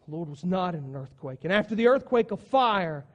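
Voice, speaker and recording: A man preaching a sermon, moving between soft, low passages and loud, emphatic ones. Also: animated, fairly quick. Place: church sanctuary. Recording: long church reverb.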